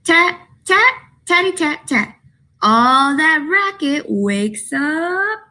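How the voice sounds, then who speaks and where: A young woman leading a children's story time, reading aloud in an animated sing-song way with animal noises. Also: sits high, drawn-out words. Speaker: children's librarian. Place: library room.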